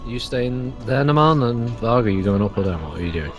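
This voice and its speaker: A man's voice: medium pitch, expressive, a little fast, dull audio, soft background music. A man bantering and teasing teammates in a gaming voice chat. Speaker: gamer in a team voice chat.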